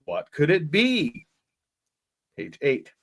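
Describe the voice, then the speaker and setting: Jokey podcast host reading aloud. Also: male voice, on the high side, huge pitch swings, slow pace. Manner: jokey, laughs often, ad-libs. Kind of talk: comedic live read-along.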